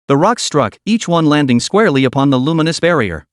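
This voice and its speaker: A man's voice: on the high side, animated, fairly quick, no room sound, clean studio sound. A man narrating a comic recap with dramatic storytelling.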